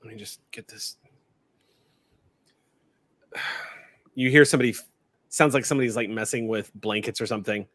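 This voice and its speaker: A man running a tabletop game as game master, narrating scenes in a relaxed, halting way with frequent restarts. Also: fairly low pitch, no room sound.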